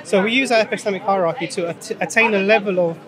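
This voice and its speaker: High-voiced man debating in a crowd. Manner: measured, leads with examples. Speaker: Muslim preacher. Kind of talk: street debate. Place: outdoors in a public urban space. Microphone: handheld microphone held out by a crew member. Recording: street recording with crowd behind.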